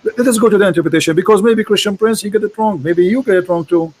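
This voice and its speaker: A man with an Arabic accent and a high-pitched voice, debating on a video call. He talks in quick, mocking bursts and often repeats his words. His tone is forceful. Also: slightly rough, low-quality recording. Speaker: host, debater. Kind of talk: casual debate chat.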